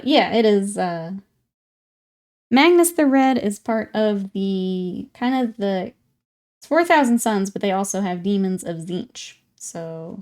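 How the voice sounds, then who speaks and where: A woman's voice: mid-range voice, darkish tone. A young woman chatting casually with her live-stream viewers while painting miniatures, laughing often and greeting newcomers.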